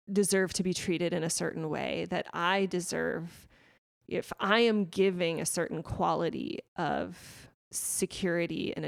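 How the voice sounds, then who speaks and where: A woman in her thirties hosting a podcast, talking candidly and reflectively, with frequent restarts and soft laughs. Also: fairly low pitch, vocal fry, dry recording, clean studio sound. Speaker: podcast host. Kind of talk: candid conversational podcast talk.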